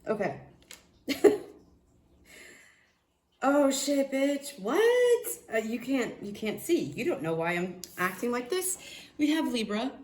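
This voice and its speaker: A woman giving a casual tarot reading, excitable and profane, often restarting her sentences. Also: on the high side, normal speed, reverberant. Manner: excitable, swears, laughs, trails off and restarts. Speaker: tarot reader.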